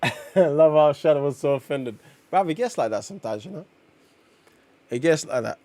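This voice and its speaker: A man, chatting casually on a live stream while reading comics, slangy and excitable as he reacts to chat. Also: on the high side, normal speed, no echo.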